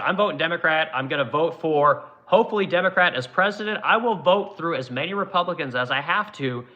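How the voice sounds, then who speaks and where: Profane high-voiced man ranting. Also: pushed and bright, lo-fi sound. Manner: profane, aggressive, mocking. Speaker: streamer. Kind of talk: political rant.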